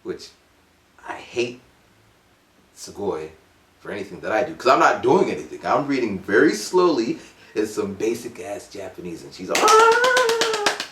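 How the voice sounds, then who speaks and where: Rambling, animated man in his forties. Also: fairly low pitch, moderate pace, roomy sound, a little hiss or hum. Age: 40s. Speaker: vlogger. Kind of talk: casual storytelling vlog. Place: home.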